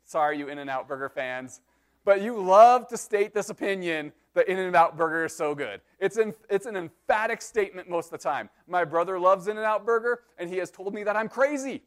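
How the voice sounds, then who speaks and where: A man's voice: sits high, lively intonation, normal speed, smooth. A man preaching a sermon, teaching through a psalm point by point with joking asides. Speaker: pastor.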